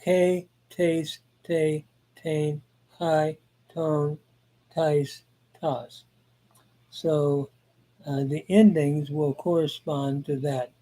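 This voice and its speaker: A man teaching Greek grammar in a recorded lesson, reciting word forms one at a time and pausing often with "uh.". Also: on the high side, flat delivery, dark tone, rough recording.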